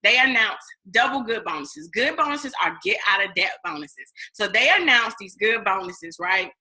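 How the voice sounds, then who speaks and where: Bright animated woman telling a story. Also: medium pitch, moderate pace, low-quality recording. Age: 30s. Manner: animated storytelling, acts out her past self, addresses viewers as y'all. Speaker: network marketing distributor. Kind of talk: casual testimonial vlog.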